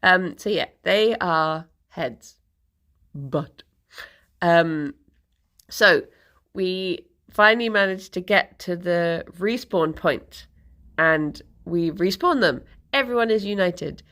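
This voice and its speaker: A woman's voice: on the low side, slow, a bit bright. A woman streamer casually telling a rambling story to her live chat, laughing often and correcting herself as she goes.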